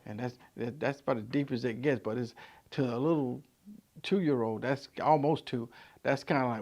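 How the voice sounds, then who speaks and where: A man in his sixties, a pastor giving a vlog sermon, conversational with stammered restarts, swinging from loud emphatic peaks to soft low asides. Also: normal speed, gravelly.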